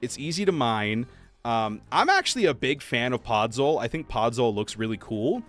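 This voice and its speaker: Streamer, male, lively up-and-down delivery, faint music underneath. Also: medium pitch, normal speed. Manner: chatty, animated, soft laughs. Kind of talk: casual livestream gameplay chat.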